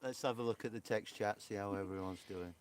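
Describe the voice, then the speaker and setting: A man's voice: on the low side, a little fast. A man with a Yorkshire accent co-hosting a live stream, rambling and chatty with lots of fillers. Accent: Yorkshire English. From England.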